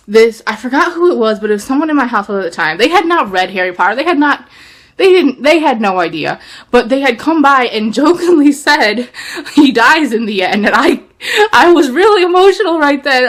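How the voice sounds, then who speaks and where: A woman's voice: mid-range voice, a bit bright. Chatty young woman vlogging about books. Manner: chatty and rambling, many fillers. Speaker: book vlogger. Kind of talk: casual storytelling to camera.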